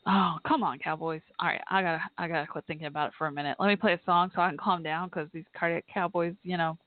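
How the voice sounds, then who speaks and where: Speaking very fast with fairly even intonation, a lowish-voiced woman from Texas hosts a casual live podcast, chatting, laughing often and talking back at a football game. Her voice sounds tinny and phone-like, dry and close, with no echo.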